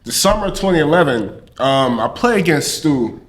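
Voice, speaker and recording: A man's voice: on the high side, moderate pace. A man, a basketball coach, telling laughing, slangy stories in a casual panel chat. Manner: animated, laughing storyteller, slangy.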